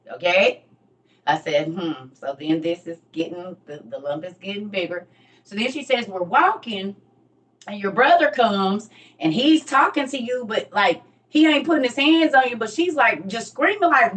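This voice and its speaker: A woman in her thirties telling a personal story with rising passion, sometimes near shouting, in casual dialect speech. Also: lowish voice. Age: 30s. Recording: voice distant from the mic.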